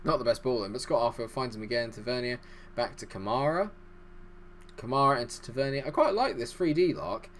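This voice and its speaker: A man with a voice of ordinary pitch talks quickly and excitedly as he commentates on a football management game. His delivery is chatty and self-deprecating, with a faint hum of noise behind him. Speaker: gaming YouTuber.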